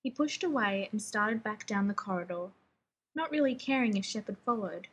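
A woman narrating a fan fiction audiobook in a brisk, wry storytelling manner. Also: mid-range voice, lively intonation, fairly bright tone, slight background noise. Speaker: reader.

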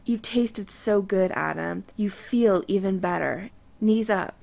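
A tender, teasing man from a read-aloud romance, as a woman reader puts him on. He speaks softly and intimately, with a gravelly edge. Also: mid-range voice, slow pace.

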